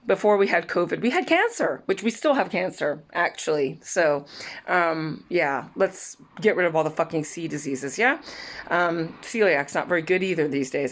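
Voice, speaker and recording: A middle-aged woman from Saint Louis chatting casually in her vlog, rambling and often laughing. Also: fairly low pitch. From Saint Louis, USA. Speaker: vlogger. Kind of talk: casual chat.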